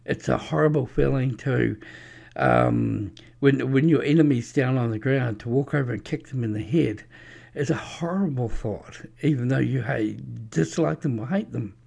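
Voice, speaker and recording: A man's voice: medium pitch, moderate pace, a little mellow. A man giving a rambling, preachy religious monologue with anecdotes, many fillers and restarts. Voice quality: gravelly. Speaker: religious speaker.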